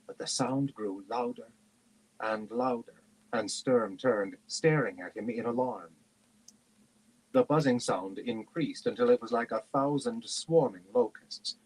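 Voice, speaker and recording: Husky-voiced man reading a novel aloud. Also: mid-range voice, low-quality recording. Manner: steady, measured narration. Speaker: reader.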